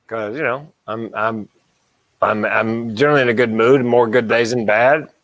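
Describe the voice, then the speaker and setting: A man co-hosting a casual podcast, talking with dark, self-deprecating humor and chuckling at his own jokes. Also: mid-range voice, a little slow, no room sound. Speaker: podcast co-host and mental health speaker.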